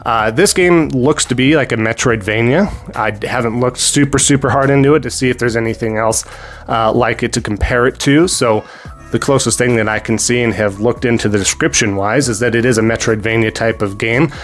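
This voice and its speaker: A man with a sick, hoarse voice hosts a gaming channel, giving rambling casual commentary on new games, full of fillers and thanks to viewers. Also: mid-range voice, fairly quick, faint music behind.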